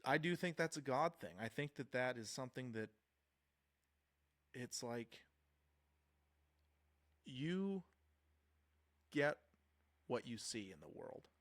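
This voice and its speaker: A man's voice: mid-range voice, expressive, slow pace, pauses often, fairly bright tone. A young adult man talking to camera in a casual reflective monologue, earnest and rambling, with frequent restarts and fillers. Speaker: vlogger.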